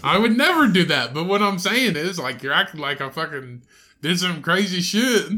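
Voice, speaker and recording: A man's voice: sits high, animated, normal speed, bright, forceful tone. A man co-hosting a crude casual podcast, swearing constantly and teasing his brother. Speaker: podcast co-host.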